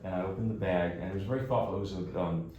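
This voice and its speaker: Speaking very fast in a low, warm voice, a New Jersey pianist tells his recital audience a casual story at his own expense, chatty as he goes. The setting is a concert hall, and the audio is dull, echoey, distant, and noisy in the background.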